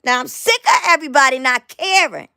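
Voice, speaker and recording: Tired woman ranting, gravelly voice. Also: sits high, animated, brisk, bright, forceful tone, no echo, clean studio sound. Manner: emphatic, repetitive, stumbling restarts. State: tired, voice going hoarse. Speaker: host of a live online show. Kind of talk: impassioned live rant to viewers.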